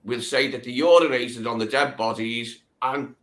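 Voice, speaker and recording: A man's voice: mid-range voice, moderate pace, a bit bright. A man, earnest and opinionated in a casual football chat. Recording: echoey room.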